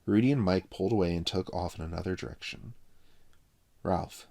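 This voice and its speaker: A man reading a children's novel aloud, narrating with a gravelly voice. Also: low-pitched, a little fast, a little mellow. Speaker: reader.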